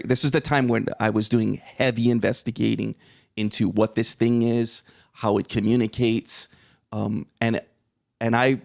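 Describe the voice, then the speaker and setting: Podcast guest, male, around 40: mid-range voice with fry, lively conversational storytelling. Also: mid-range voice. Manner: animated retelling, acts out his own reactions, swears.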